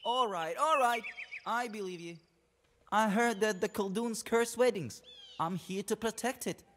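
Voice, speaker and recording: A man's voice: high voice, unhurried, a bit bright. An actor voicing a brash young male witch hunter in a video game, boastful and suspicious. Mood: grudging. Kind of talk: game voice acting.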